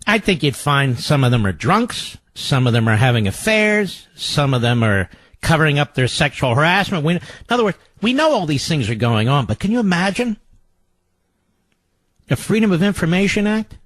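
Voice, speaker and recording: Very animated and speaking at normal speed, an older radio host runs through a sarcastic political monologue. He mocks with theatrical shifts from loud jabs to muttered asides, and the recording has no echo.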